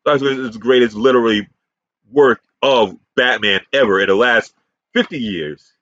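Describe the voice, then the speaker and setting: A man's voice: medium pitch, moderate pace, a bit bright, no room sound. A man giving a combative, profane, rambling ranting commentary as a YouTube commentator. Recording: dull, muffled sound.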